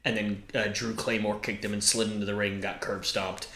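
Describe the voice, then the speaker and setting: A man's voice: lowish voice, level tone, fairly quick, gravelly, bright, forceful tone. Rambling man in an echoey room. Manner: rambling, self-correcting, hedging. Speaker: podcast co-host. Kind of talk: casual wrestling chat.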